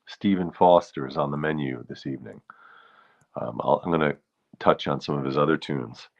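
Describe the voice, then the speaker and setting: A man's voice: very deep voice, normal speed, highs cut off. A man with a New York accent, from the Bronx, hosting a casual live stream, rambling and greeting viewers between thoughts. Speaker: host.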